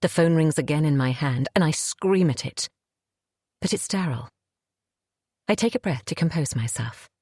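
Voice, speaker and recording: A woman's voice: low-pitched, lively intonation, moderate pace, pauses often, darkish tone, no echo, clean studio sound. A woman reading a thriller audiobook in first person, with intense, guilt-laden storytelling. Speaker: audiobook narrator. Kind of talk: scripted first-person narration.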